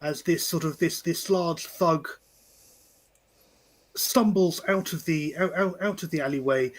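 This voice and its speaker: A woman's voice: on the low side, unhurried. A woman narrating a tabletop game as game master, laughing often and tripping over repeated words.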